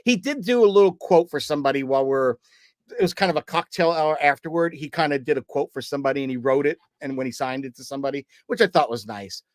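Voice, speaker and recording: A man's voice: on the high side, fast, no room sound, clean studio sound. A man co-hosting a podcast, telling a personal story in casual chat and acting out the remembered dialogue as he goes. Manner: lively storyteller who acts out remembered dialogue. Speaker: podcast co-host.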